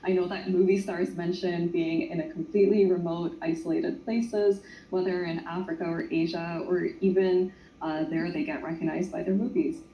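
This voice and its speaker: Brisk woman moderating a panel. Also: lowish voice, level tone. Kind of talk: reading audience questions. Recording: echoey lo-fi room with faint noise.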